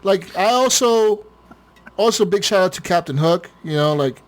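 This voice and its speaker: A man with a somewhat high voice hosts a casual gaming podcast. He talks loosely, laughing and swearing, and restarts his sentences with repeated words. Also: animated, moderate pace. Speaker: podcast host. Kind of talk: casual chat.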